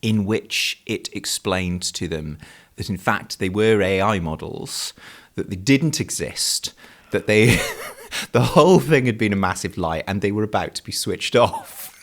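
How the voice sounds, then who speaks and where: A man's voice: on the low side, animated, a little slow. A man co-hosting a teaching podcast, telling stories in a chatty way and laughing often. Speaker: podcast co-host. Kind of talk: casual chat.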